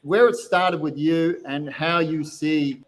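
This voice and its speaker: A man's voice: a little high, fairly even intonation, takes it slowly. A man hosting a casual chat, asking long rambling questions with restarts. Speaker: podcast host.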